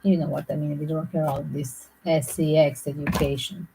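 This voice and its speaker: A woman hosting her own channel, giving speculative true-crime commentary in a halting way, repeating and restarting phrases as she thinks aloud. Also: low-pitched, level tone, creaky, background noise. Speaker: channel host.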